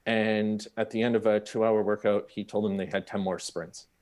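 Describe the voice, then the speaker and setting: A man's voice: fairly low pitch, moderate pace. A man, speaking on a panel and telling a personal story candidly, acting out the people in it. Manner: candid, animated, acts out the people in his story.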